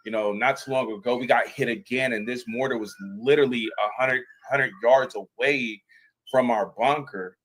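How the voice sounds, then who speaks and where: A man's voice: medium pitch, steady tone, normal speed, fairly bright tone, poor audio. A man, a former airman, telling a personal story on a panel, earnest and emphatic with frequent restarts. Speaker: panel guest, veteran.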